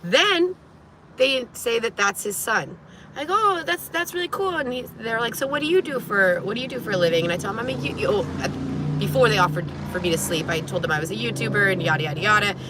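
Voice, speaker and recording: A woman in her thirties telling a story in a casual vlog, animated, laughing often, nervous and sweaty. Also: mid-range voice, quick pace, noisy background. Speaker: vlogger.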